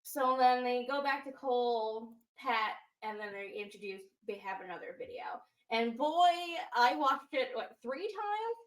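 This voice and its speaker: Emotional female co-host, slightly high, recorded in an echoey room. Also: a little slow, hardly any pauses, a bit bright. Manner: gushing, emotional, filler-heavy retelling. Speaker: podcast co-host. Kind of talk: casual wrestling recap chat.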